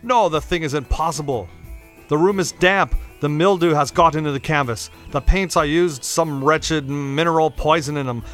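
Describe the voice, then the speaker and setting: Guy doing a horrified older painter, high and frantic, audiobook reading. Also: normal speed, hardly any pauses, sharp tone, faint music behind. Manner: high, urgent, exclaiming. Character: anguished older male painter, pleading and horrified.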